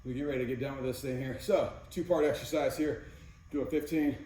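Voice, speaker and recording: A man's voice: mid-range voice, steady tone, fast talker, mellow. A man giving casual workout instruction as a fitness coach, counting reps between exercise cues. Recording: very echoey room, mic far off, faint noise.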